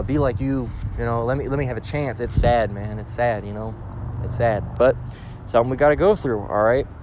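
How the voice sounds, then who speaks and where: A man's voice: medium pitch, noisy background. A man giving an informal scripture lesson, emphatic and blunt, often checking in with "all right?" and swearing freely. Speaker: religious teacher.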